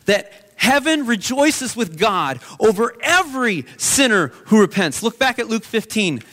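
Guy pastor w a high voice, earnest sermon storytelling. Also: fairly bright tone.

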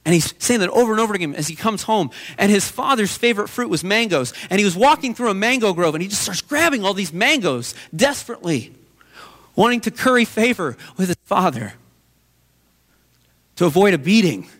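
A man's voice: high voice, expressive, fairly quick, a bit bright. A man preaching a sermon as pastor, telling a story in an earnest way.

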